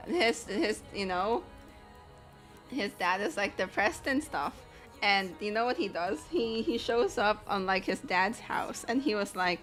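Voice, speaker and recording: A woman's voice: medium pitch, animated, measured pace, fairly bright tone, soft background music. Rambling, giggly young woman. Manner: rambling and giggly, swears freely, lots of "like" and "you know". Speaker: animator. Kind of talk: casual chat while sharing her screen.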